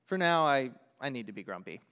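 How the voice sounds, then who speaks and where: A man's voice: medium pitch, sing-song, brisk, a bit bright, clear, resonant tone, muffled recording. Sulky male monkey for a storybook read-aloud, stubborn and denying he is grumpy, voiced by a man. Long echo of a large hall. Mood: glum. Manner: insists he is fine, then sighs.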